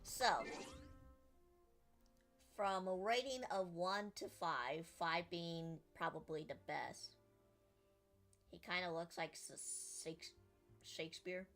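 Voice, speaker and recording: A woman's voice: on the low side, slow pace, long pauses, a bit bright, faint music behind. A woman streamer chatting casually and giggling with her chat while playing a game. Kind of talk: casual gameplay commentary.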